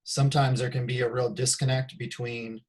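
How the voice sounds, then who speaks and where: A man, a volleyball coach, interviewing a former player in a measured, reflective way, with some "um" and "you know". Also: medium pitch, level tone, a little mellow. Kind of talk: casual interview talk.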